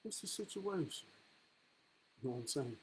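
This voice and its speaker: A man putting on a low, hushed voice for a grown man who is hurt and ashamed, pitched well below the speaker's own voice, the words mumbled out in a quick, subdued rush. The voice stays soft and muted and is more confided than spoken. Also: animated, slight background noise, close to an everyday voice, poor audio.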